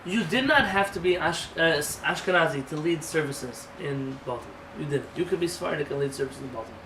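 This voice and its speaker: The rabbi sounds expressive and brisk, his pitch fairly high, as he teaches an informal class with conversational emphasis and plenty of rhetorical questions. It's recorded on a distant mic, roomy with faint noise.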